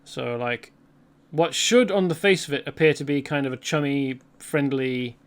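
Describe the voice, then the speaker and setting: A man's voice: mid-range voice, moderate pace, smooth. A man hosting a let's play, rambling chattily through gameplay commentary and correcting himself as he goes.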